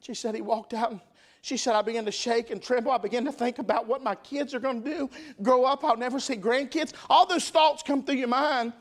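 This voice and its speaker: High-voiced emphatic preacher. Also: male voice, steady tone, a little fast. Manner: emphatic, call-and-response preaching. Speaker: revival preacher. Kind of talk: sermon. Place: church sanctuary.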